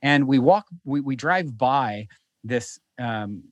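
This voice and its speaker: Male guest, mid-pitched, animated and rambling, with a dry recording. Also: takes it slowly, no echo, dull audio. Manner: animated, rambling, many restarts. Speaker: podcast guest who hosts his own show. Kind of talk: casual storytelling. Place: lives in a beach town.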